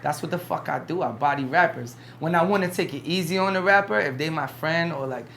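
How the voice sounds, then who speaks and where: Boastful rapper man, bright voice. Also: a little high, a little fast, vocal fry, a little hiss or hum. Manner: boastful, emphatic, repeats himself. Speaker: rapper guest. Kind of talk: casual podcast chat.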